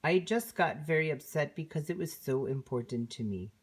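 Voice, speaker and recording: A woman voicing a gentle, patient female unicorn who hosts a kids show and teaches in a slow, soothing way. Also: sits low, expressive, husky. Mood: calm. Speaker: host.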